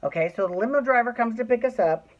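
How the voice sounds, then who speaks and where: A man's voice: very high-pitched, animated, fast talker, highs cut off. A man telling a personal story in a casual, chatty way, swearing freely and acting out what people said. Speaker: storyteller host.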